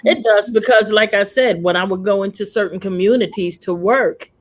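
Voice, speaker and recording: A woman's voice: mid-range voice, moderate pace. A woman hosting a casual discussion on a video call, telling stories animatedly and acting out voices. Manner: warm, animated storyteller, acts out voices. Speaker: host.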